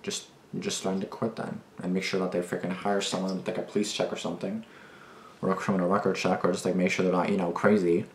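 A man's voice: deep voice, level tone, fast, slight background noise. A young man hosting a reaction video, talking casually in a rambling, agitated way with plenty of swearing and restarts. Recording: echoey room.

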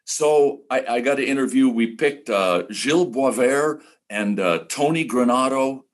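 An older man, a retired broadcaster, telling animated stories as a podcast guest and acting out other people's lines. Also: medium pitch, unhurried. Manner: animated, acts out quoted voices. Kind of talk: casual podcast storytelling.

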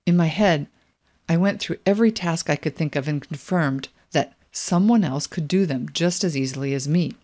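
A middle-aged woman reading her own memoir aloud, quiet and introspective in a measured way. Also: deep voice. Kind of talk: reflective memoir narration.

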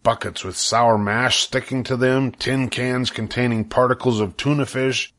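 A man's voice: medium pitch, steady tone, measured pace, a bit bright, natural voice. A man voicing a worldly, persuasive old male sheep in a storybook, lingering with relish over long lists. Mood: coaxing.

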